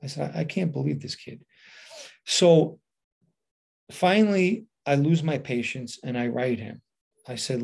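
A middle-aged man tells a story from his past in a loose, casual monologue. He switches into the voices of the people he quotes, so his delivery keeps shifting in speed and loudness. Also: fairly high pitch, unhurried, gravelly, breathy edge. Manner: animated retelling with quoted dialogue. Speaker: podcast host telling a personal story.

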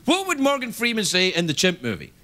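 A man's voice: sits high, fairly quick. A man hosting a late-night talk show, delivering a playful comic monologue in a TV studio. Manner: playful, animated, laughing through lines. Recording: loud background noise.

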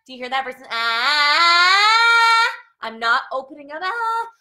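A woman's voice: high voice, steady tone, very fast. A young woman teaching a live singing lesson, explaining and demonstrating vocal exercises with a tired voice. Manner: demonstrative, sings and yells sample notes between explanations.

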